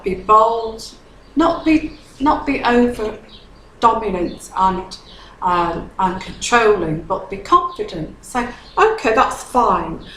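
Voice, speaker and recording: A woman's voice: medium pitch, fairly bright tone, reverberant, slight background noise, low-quality recording. A woman giving a tarot reading to a viewer, earnest and consoling, often checking in with "okay?". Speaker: tarot reader.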